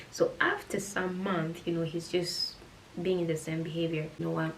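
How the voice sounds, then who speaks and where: A young woman tells her story in a casual vlog, chatty and animated. She often drops her voice to a hushed whisper. A light hiss sits under the recording. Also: lowish voice, fairly quick, rough recording. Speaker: vlogger.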